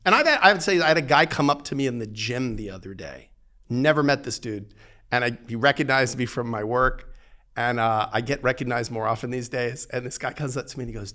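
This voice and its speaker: A man's voice: mid-range voice, fast, bright, forceful tone. A man, a divorce lawyer, talking as a podcast guest, emphatic and full of "like", acting out the back-and-forth of an anecdote. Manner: emphatic, lots of "like", acts out quoted dialogue. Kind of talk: animated conversational storytelling.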